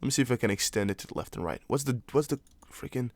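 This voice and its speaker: A young man who is not a native English speaker talks casually on a live stream, rambling through viewer comments and often restarting his sentences. His voice sits at an ordinary middle pitch, and it is recorded close and dry, with no room sound. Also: animated, very fast, gravelly, no room sound. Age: young adult. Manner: chatty, rambling, with frequent restarts and apologetic asides. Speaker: crypto livestream host.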